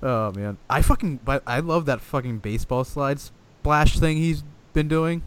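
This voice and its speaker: A man's voice: a little high, unhurried, clean tone. A man co-hosting a casual wrestling podcast, talking animatedly, swearing often and venting exasperated gripes. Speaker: podcast co-host.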